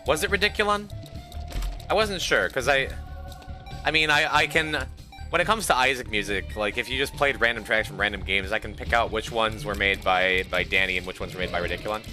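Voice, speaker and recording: A sleep-deprived man talks loosely to his stream chat in a lowish voice, trailing off and repeating words as he rambles. Game music plays clearly behind him throughout. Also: fairly quick, pushed and bright.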